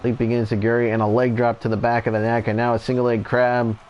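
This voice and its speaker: A man doing relaxed, chatty play-by-play commentary over a wrestling video game, going off on tangents now and then. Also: mid-range voice, quick pace, lo-fi sound, a little hiss or hum.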